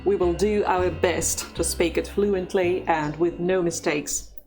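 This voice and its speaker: Woman language teacher, unhurried and careful, lowish voice over faint music. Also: fairly even intonation. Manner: slow, careful, encouraging. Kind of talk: instructional lesson narration.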